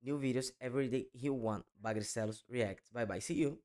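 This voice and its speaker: A man's voice: mid-range voice, a little fast, darkish tone. A man hosting a reaction video, speaking hesitantly with repeated words and many fillers. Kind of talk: casual reaction commentary.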